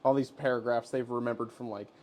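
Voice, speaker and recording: A man's voice: mid-range voice, steady tone, fast, slight background noise. Laid-back chuckling podcast man. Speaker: podcast co-host. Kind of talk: casual chat.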